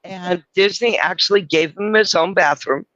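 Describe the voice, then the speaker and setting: A man's voice: high-pitched, normal speed, sharp tone, no room sound, dull audio. A man from California hosting a casual live chat, telling rambling stories and swearing freely. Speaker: host.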